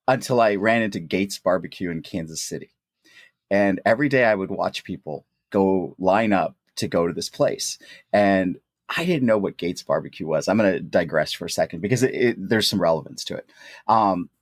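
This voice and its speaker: A man's voice: fairly low pitch, no room sound, clean studio sound. A man, a physician guest on a podcast, telling stories animatedly and acting out the voices he quotes. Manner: animated storyteller who acts out quoted voices. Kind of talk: conversational interview, anecdotal storytelling.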